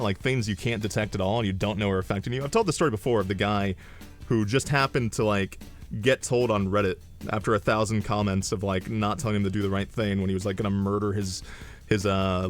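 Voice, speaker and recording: A young man streaming, telling stories in an animated, rambling way, swearing and drifting into asides. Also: lowish voice. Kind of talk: casual storytelling on a livestream.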